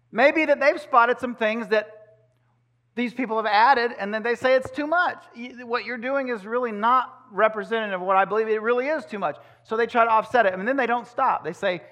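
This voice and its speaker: Male preacher, high-pitched, bright and forceful, animated and acting out the people he quotes. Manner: animated, acts out other people's voices. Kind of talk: sermon.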